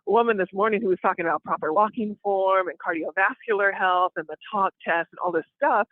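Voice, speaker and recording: A woman co-hosting a podcast in casual chat, talking in a lively, expressive way. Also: mid-range voice, fairly quick, no echo. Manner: lively, expressive, quotes others playfully. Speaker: podcast co-host. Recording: dry, tinny phone-like line.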